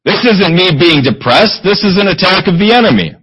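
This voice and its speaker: A man's voice: high voice, expressive, a little fast, a bit bright, breathy edge, rough recording. A man preaching a conversational sermon, reading scripture between plain explanations. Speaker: pastor.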